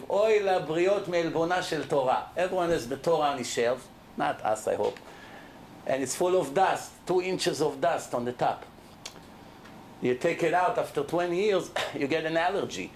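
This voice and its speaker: In a lively Torah lecture before a live audience, a middle-aged rabbi speaks emphatically and keeps throwing questions at the crowd. His male voice sits a little high with vocal fry, and there's a bit of hiss or hum.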